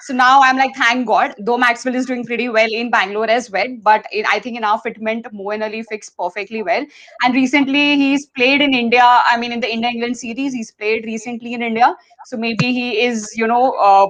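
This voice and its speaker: A woman speaking as a fan guest on a live show over a video call, chatty and quick to laugh. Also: a little high, a bit bright. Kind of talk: casual chat.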